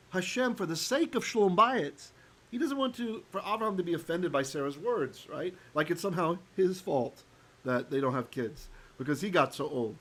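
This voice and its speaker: A man teaching a Torah lesson as a rabbi, animated and often checking in with his listeners, sometimes chanting verses. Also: fairly high pitch, moderate pace, low-quality recording.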